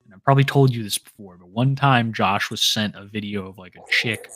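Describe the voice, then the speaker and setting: A man's voice: on the low side, brisk. A man co-hosting a livestream show, joking crudely and reading out thanks to members. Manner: crude, joking, reads out member shout-outs. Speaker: podcast co-host. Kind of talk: casual livestream banter.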